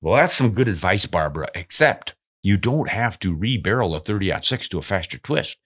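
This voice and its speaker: Deep-voiced, easygoing male podcast host. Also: animated, normal speed, fairly bright tone, slightly rough. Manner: easygoing, folksy, chuckles and ad-libs while reading letters. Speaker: podcast host answering listener mail. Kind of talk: casual podcast chat.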